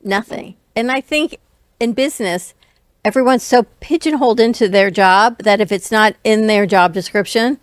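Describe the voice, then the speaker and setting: A woman co-host in a casual chat, asking questions in a measured way. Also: mid-range voice, no room sound, clean studio sound.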